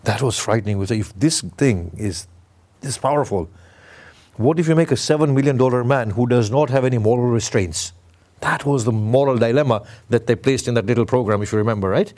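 A middle-aged man preaching a conversational sermon, putting questions to his listeners and slowing down to stress key words. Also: mid-range voice, darkish tone. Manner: questions the audience, emphatic with sudden slow stresses. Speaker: Islamic preacher.

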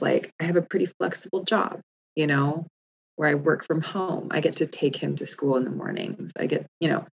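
A woman's voice: low-pitched, vocal fry, husky, highs cut off. A woman in her thirties, co-hosting a podcast, talking candidly and reflectively with lots of "like" fillers. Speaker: podcast co-host. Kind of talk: casual chat.

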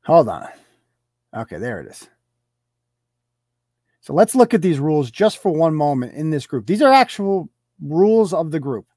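A man's voice: fairly high pitch, very animated, moderate pace, long pauses, warm tone, no echo, clean studio sound. Profane, sarcastic ranting male host. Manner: mocking rhetorical questions. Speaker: live show host. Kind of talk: ranting commentary while reading a group's posts aloud.

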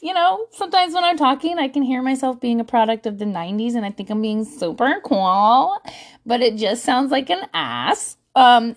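A woman in her thirties, chatting casually to camera as a parenting vlogger, self-mocking and laughing often. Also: on the high side.

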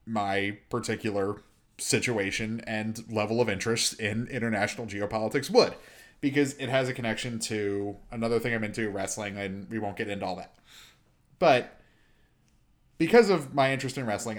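A young man hosting a solo sports and gaming podcast, chatty and excitable, breaking into exasperated rants. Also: medium pitch. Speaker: podcast host.

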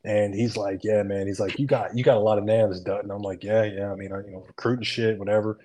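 A man co-hosting a casual podcast chat, talking in an animated, rambling way with lots of fillers and swearing. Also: on the low side, fast talker. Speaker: podcast co-host.

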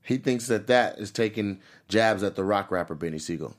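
Relaxed man reading rap headlines. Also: on the low side, moderate pace. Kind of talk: casual entertainment news chat.

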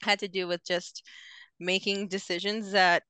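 A woman's voice: medium pitch, flat delivery, unhurried, pushed and bright, clean tone, no echo. Young woman guest, hesitant storyteller, dry close sound. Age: young adult. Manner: hesitant, many fillers and restarts. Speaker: podcast guest. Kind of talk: personal story in an interview.

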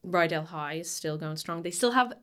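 A woman's voice: lowish voice, moderate pace, fairly bright tone. A young adult woman co-hosting a casual podcast chat, talking in a rambling way with many fillers and restarts. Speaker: podcast co-host. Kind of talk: casual chat about a film.

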